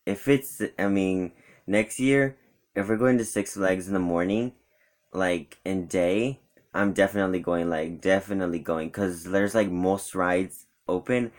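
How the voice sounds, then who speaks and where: Low-voiced young man rambling a story. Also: measured pace. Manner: rambling, animated retelling with quoted friends. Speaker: vlogger. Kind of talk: casual storytelling vlog.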